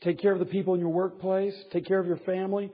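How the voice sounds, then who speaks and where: A man's voice: high voice, little pitch movement, fast talker. A man preaching a sermon to a men's Bible study, emphatic, with wry asides and chuckles at his own points. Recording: dull lo-fi recording.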